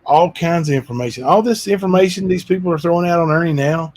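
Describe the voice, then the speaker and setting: A man's voice: a little high, fast talker, darkish tone. Casual man hosting his livestream. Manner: loose and conversational, frequent fillers. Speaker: livestream channel host. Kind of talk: casual chat.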